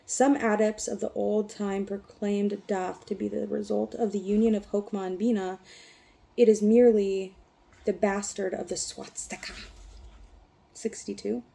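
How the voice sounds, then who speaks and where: A woman vlogger who reads a text aloud haltingly and breaks off into rambling, profane talk. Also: medium pitch, flat delivery, creaky, dark tone. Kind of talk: reading aloud and casual ranting.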